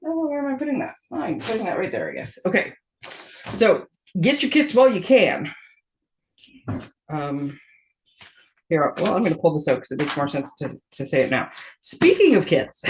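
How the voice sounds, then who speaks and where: A woman's voice: on the low side, a little hiss or hum. A middle-aged woman chats as the host of a paper crafting show. She talks in a rambling, friendly flow, restarting her sentences and laughing between them. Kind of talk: casual chat.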